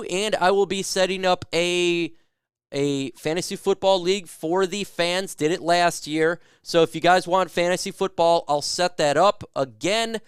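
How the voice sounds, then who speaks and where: Answering viewers' questions in casual live chat, a man with a fairly high, smooth, clean voice hosts a sports fan livestream and shoots back loose, jokey takes. The recording is dry and close-miked, with no room ambience.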